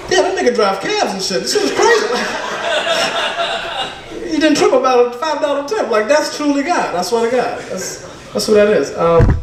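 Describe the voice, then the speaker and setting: A man's voice: extremely high pitch, lively intonation, normal speed, very echoey, distant mic, background noise. A man doing a stand-up set in a comedy club, telling loose, profane stories.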